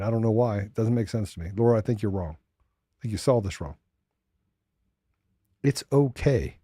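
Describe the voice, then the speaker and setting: Dark-voiced man ranting as show host. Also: on the low side, dry recording, studio quality. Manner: ranting, mocking asides. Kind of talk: political commentary show.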